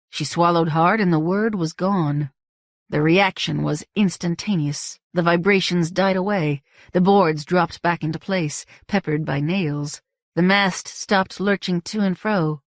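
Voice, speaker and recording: A woman narrating an audiobook in a measured, expressive reading. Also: fairly low pitch, dry recording, studio quality.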